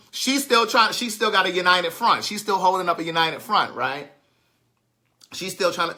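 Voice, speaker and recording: Black guy telling a funny story, bright punchy voice, does the kids' whiny voices then goes low and stern. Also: expressive, moderate pace. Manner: acts out students' pleading voices, drops low for his stern replies. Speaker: storyteller recounting a teaching day. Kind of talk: animated comic storytelling.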